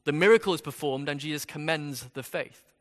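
A man's voice: fairly high pitch, fairly quick, in a large hall. A man preaching an expository sermon in a conversational way, with rhetorical questions.

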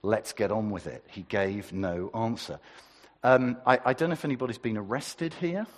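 Husky preacher in an echoey hall. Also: male voice, medium pitch. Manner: lively, conversational, asks the congregation questions. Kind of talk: sermon.

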